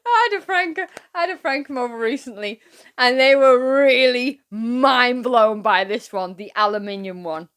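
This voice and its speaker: A British woman hosting a reaction video, chatty and quick to laugh and exclaim. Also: fairly high pitch, a bit bright, smooth. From Britain. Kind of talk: casual reaction commentary.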